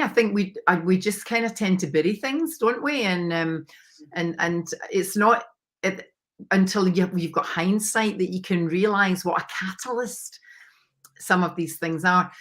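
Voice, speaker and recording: A woman's voice: low-pitched, a bit bright. A woman with a Scottish accent, a podcast guest candidly telling a personal story, with hesitant fillers. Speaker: podcast guest, mindset coach.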